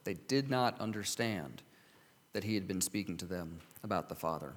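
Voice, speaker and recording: A man's voice: sits low, animated, moderate pace. A man preaching a sermon, earnestly reading scripture and asking his listeners rhetorical questions. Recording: long hall reverb.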